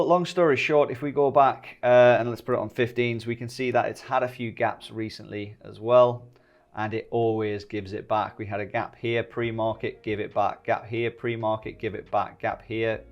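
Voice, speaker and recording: A man giving a casual, jokey trading tutorial, speaking directly to his viewers as he goes over a chart. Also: on the low side. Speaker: stock trading YouTuber.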